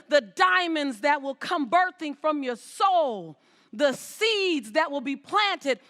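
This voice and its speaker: A woman's voice: high-pitched, bright, forceful tone. A woman giving an inspirational stage talk as a motivational speaker, emphatic, repeating words and calling out to her audience.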